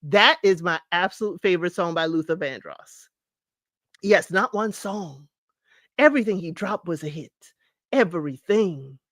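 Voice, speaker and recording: A middle-aged woman hosts a podcast counting down music, chatty and casual, laughing often and singing snippets along the way. Her voice is lowish, fairly bright, animated, and unhurried. She's on a dry, close mic with no room sound.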